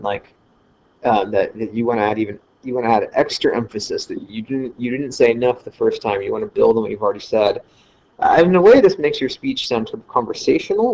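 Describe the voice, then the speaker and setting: Man, lecturer, screen-recorded lesson, casual with fillers, mid pitch, slightly muffled lo-fi audio. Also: darkish tone. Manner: casual, self-correcting, frequent fillers.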